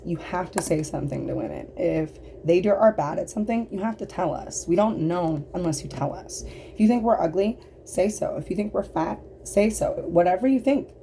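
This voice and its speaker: A woman in full storytime-rant mode, indignant and exasperated, stacking fillers and blunt swearing as she vents. Her voice sits a little low and sounds mellow and relaxed in tone, with a faint hiss of noise under it. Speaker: vlogger telling a story.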